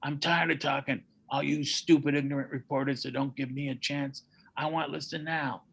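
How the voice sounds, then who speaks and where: A man's voice: mid-range voice, little pitch movement, gravelly, a bit bright, husky. A man putting on the voice of a brash young male boxer, firing off boastful taunts at a rival. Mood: taunting. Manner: boastful, rapid-fire taunts.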